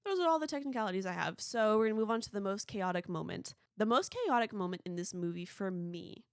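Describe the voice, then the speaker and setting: A woman's voice: mid-range voice, lively intonation, fast talker, no echo, clean studio sound. A young woman hosting her own movie podcast, rambling casually and peppering her talk with "like.". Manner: chatty, rambling, frequent "like". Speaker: podcast host.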